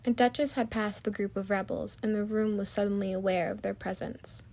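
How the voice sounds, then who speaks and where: A woman narrating a storybook chapter in a soft, even manner. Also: mid-range voice, fairly quick, creaky.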